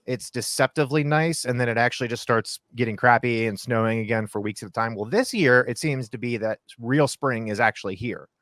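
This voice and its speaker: A man's voice: mid-range voice, a little fast, few pauses, a bit bright, no echo. Chatty man from Ohio, dry close sound. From Ohio, USA. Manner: rambling, many fillers and restarts. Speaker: guest options trader. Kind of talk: casual conversational explanation.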